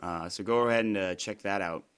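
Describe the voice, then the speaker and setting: A young man, slightly hoarse from being sick, doing solo play-by-play commentary in a chatty, rambling way with frequent fillers and self-corrections. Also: deep voice, brisk, a bit bright. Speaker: esports commentator.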